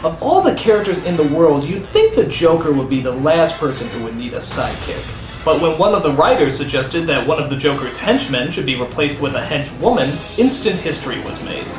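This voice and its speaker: A man hosts a comedic countdown review with a sarcastic, animated delivery. His voice sits a little high and leaps around a lot in pitch. The room sounds echoey, with faint music beneath. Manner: sarcastic, animated, quick comic asides. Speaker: host and critic. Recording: roomy studio with faint music.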